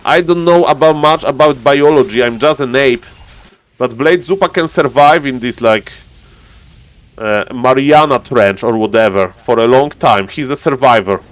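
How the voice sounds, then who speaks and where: A man casting a strategy game live, animated and laughing, breaking into high yelps. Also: normal speed, clear, resonant tone, no room sound. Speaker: game caster. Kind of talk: excited live game commentary.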